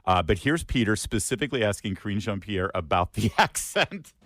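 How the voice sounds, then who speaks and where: A man from Detroit hosts a morning talk radio show, speaking at a middle pitch that moves a lot. He is wry, playing clips and commenting on them into a studio microphone. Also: lively intonation, a little fast, a bit bright, a little hiss or hum. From Detroit, USA.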